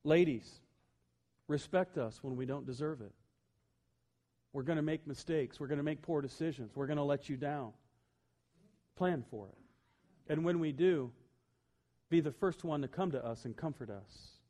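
A man preaching a sermon as pastor, telling humorous personal stories and swinging from loud emphasis to quiet, earnest asides. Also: a little high, moderate pace, long pauses.

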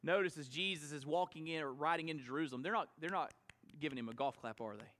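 A man preaching a sermon to his congregation as pastor, swinging from quiet asides to shouted emphasis. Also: on the high side, quick pace. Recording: long church hall reverb.

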